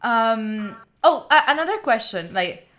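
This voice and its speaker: A woman with an Italian accent hosting a casual chat, animated and full of restarts. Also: on the high side, measured pace. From Italy. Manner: animated, with frequent restarts and fillers. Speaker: streamer host.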